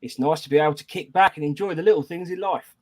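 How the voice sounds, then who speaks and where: British bloke putting on a bad australian accent, raised pitch, rising line ends, reading out a review. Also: male voice, quick pace, over a noisy crowd, lightly acted. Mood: mock cheerful. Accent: bad put-on Australian. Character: man doing a clumsy Australian reviewer accent.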